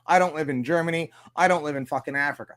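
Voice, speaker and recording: A man's voice: a little high, quick pace, fairly bright tone, clear, resonant tone. A man with a Canadian accent hosting a livestream, ranting casually with heavy swearing and frequent laughs. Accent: Canadian English. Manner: profane, ranting, laughs often. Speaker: livestream host.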